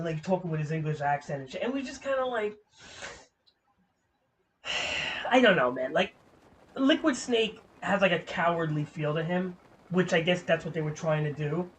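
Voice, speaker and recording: At a moderate pace, a gaming streamer with a fairly high voice rambles casually while playing, cursing freely and leaning on "like" as a filler. A little hiss or hum can be heard.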